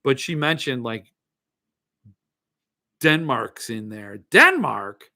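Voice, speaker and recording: A man's voice: fairly high pitch, expressive, unhurried, sharp tone. A middle-aged man hosting a podcast, chatting casually in a rambling, jokey, self-mocking way. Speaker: podcast host. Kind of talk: casual chat.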